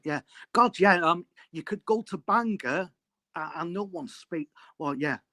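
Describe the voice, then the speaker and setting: A man's voice: sits high, expressive, a little slow, bright, forceful tone, no echo. A man with a North Welsh accent chatting casually on a group live call, hesitant and full of ums and restarts. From Wales.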